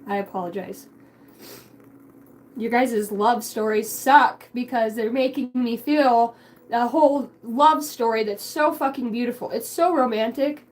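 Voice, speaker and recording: A woman's voice: on the high side, a little slow, poor audio. A young woman giving a spiritual card reading, emotional and rambling, swearing casually. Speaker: tarot card reader.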